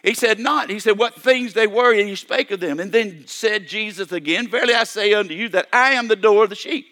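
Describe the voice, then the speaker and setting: A man's voice: high voice, a little fast, pushed and bright. An older man preaching a sermon, repeating and restarting his phrases and calling for amens. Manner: repetitive, stammering restarts, calls for amen.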